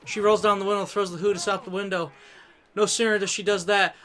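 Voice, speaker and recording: A man's voice: high-pitched, little pitch movement, quick pace, bright, forceful tone. A man rambling through crude wrestling anecdotes during casual gaming banter, often laughing. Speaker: gaming streamer.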